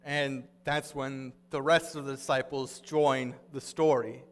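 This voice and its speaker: A man's voice: mid-range voice, little pitch movement, unhurried, in a large hall. A man pastor giving a sermon, earnest and conversational as he retells scripture in everyday words.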